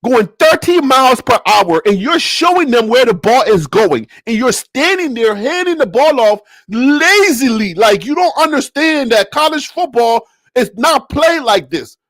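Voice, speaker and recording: A man from Liberia ranting about a football game in an animated, theatrical way, acting out plays as he talks. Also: extremely high pitch, measured pace, no room sound, studio quality. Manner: animated, theatrical, acts out plays with sound effects. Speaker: sports commentator vlogger. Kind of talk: ranting sports commentary.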